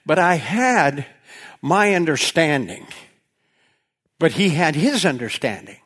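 A man preaching in an animated, folksy storytelling manner, often breaking into laughter. His voice sits a touch higher than most men's, and he addresses the congregation directly. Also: slow, husky. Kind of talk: storytelling sermon.

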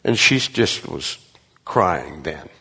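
A man preaching a sermon in a church sanctuary, telling personal stories and acting out voices with animated delivery. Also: rumbling low, slow pace, husky. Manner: animated storytelling, acts out voices. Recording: long reverb of a hall.

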